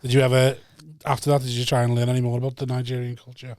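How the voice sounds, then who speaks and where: A man's voice: mid-range voice, monotone, rapid-fire, darkish tone, no echo, studio quality. A man co-hosting a podcast, chipping in with short agreeing remarks in casual chat. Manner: brief agreeing interjections.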